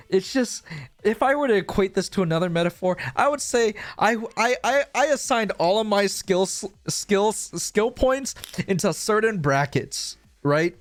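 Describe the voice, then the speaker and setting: A man's voice: high voice, animated, moderate pace, no room sound. A young man streaming live, rambling through a profane, self-mocking story and losing his train of thought.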